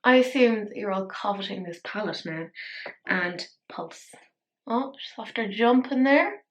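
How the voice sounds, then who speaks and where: A woman's voice: medium pitch, animated, a little slow, noisy background. A tired woman chatting playfully through a casual makeup tutorial, poking fun at herself. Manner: chatty, playful, self-mocking. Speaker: beauty vlogger.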